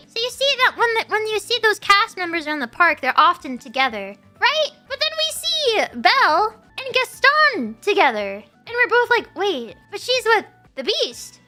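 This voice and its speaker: A woman's voice: very high voice, pushed and bright. A young adult woman streamer chatting casually, bubbly and rambling, often giggling.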